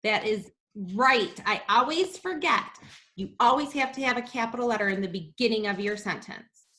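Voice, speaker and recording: A high, bright woman's voice leading a reading lesson for young children. She is animated, gasps in delight and sounds out letters slowly. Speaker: kindergarten teacher.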